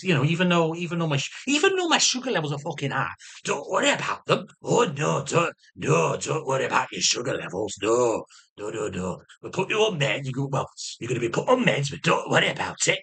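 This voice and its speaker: Middle-aged man, ranting vlogger, slightly high voice, very lively pitch, profane, restarts often. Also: brisk, husky. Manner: heated, profane, repeats and restarts phrases; mimics other people's voices. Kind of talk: casual ranting monologue.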